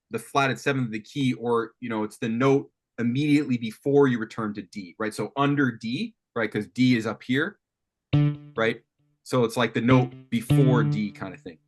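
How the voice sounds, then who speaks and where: A man coaching a student on writing guitar riffs, thinking aloud with lots of restarts and animated talk. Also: medium pitch. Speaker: music coach. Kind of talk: teaching songwriting on a call. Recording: faint guitar music behind.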